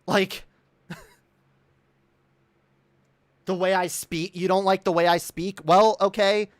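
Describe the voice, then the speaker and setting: A woman's voice: lowish voice, fairly even intonation, a little slow, no echo. A woman ranting in a commentary video, stammering and repeating words, swearing and indignant. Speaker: commentary streamer. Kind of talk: heated commentary rant.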